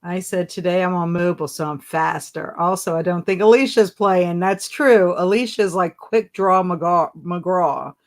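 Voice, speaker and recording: Woman, live stream host, leisurely pace, lower voice, giggly and chatty. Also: a little slow, few pauses. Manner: giggly, chatty, reads viewer comments aloud. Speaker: livestream host. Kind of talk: casual live-stream chat.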